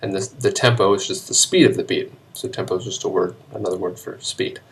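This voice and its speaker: A man teaching a recorded high school music lesson, explaining terms in a relaxed way with frequent ums and pauses. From United States. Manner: relaxed explaining with many ums, sings short melody examples slowly. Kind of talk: recorded classroom video lesson.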